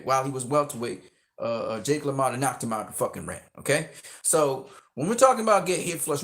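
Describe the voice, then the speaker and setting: Guy ranting on a live stream, swears a ton, keeps saying okay?, pitch jumps all over. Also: a bit bright. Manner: emphatic, profane, repeats "okay?" often. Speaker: boxing stream host. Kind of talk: casual live-stream rant.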